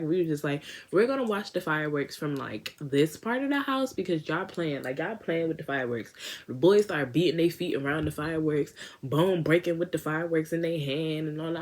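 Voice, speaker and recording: A woman's voice: on the low side, fairly quick. A young woman from Washington, D.C., casually telling a slangy storytime vlog and acting out her friends in quoted voices. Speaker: beauty vlogger.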